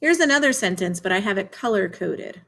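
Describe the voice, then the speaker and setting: A woman's voice: mid-range voice, animated, fairly quick, fairly bright tone. Encouraging woman teacher giving a lesson. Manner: clear, encouraging classroom delivery with questions to students. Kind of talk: remote video lesson for children.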